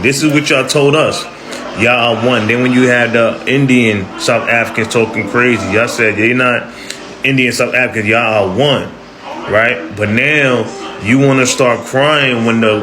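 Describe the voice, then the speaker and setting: Brief: man, mid-pitched, calling folks out with sarcasm, loud music bed behind. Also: steady tone, moderate pace. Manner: sarcastic, pointed, calling people out. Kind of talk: casual social media commentary.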